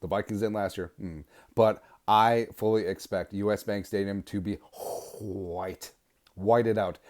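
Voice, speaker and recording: A man hosting a sports podcast, delivering an energetic, sarcastic fan rant. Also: lowish voice, a little slow. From Minnesota. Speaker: podcast host.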